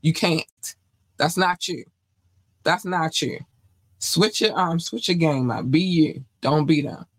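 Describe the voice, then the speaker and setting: A woman's voice: deep voice, slow, slightly rough, no room sound, rough recording. A young woman from North Carolina hosting an entertainment podcast, ranting in a blunt, profane, scolding way. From North Carolina, USA. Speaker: podcast host. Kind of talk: entertainment news podcast commentary.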